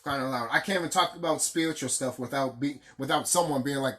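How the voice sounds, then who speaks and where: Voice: medium pitch, fast talker, fairly bright tone. A vlogger ranting off the cuff, heated and profane, repeating phrases for emphasis. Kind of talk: casual unscripted rant.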